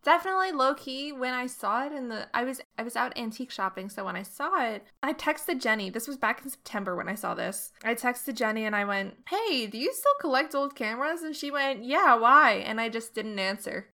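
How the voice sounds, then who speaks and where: A bubbly young woman co-hosts a podcast and teases her friend playfully. Her voice is bright and a little high, with a lively chatty lilt. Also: a little fast, few pauses. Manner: bubbly, teasing. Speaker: podcast co-host. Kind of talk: casual chat.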